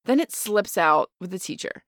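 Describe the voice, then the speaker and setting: A woman's voice: medium pitch, lively intonation, normal speed, fairly bright tone, dry recording. Earnest woman with a dry, close sound. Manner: earnest, emphatic, explains with examples. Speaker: podcast co-host. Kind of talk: casual parenting chat.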